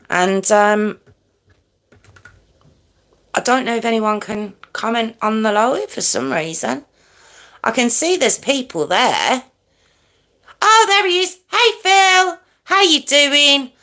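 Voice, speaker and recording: Chatty woman livestream host. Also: fairly high pitch. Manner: chatty, greets viewers by name, self-described loud and hyped. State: wheezy chest. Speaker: true crime livestream host. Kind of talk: casual livestream chat with viewers.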